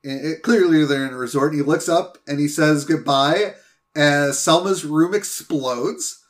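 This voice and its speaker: A man's voice: a little high, a little slow. A man co-hosting a podcast, chatting casually and hedging as he recaps a cartoon episode. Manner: relaxed, hedging, lots of agreeing and laughing along. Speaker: podcast co-host.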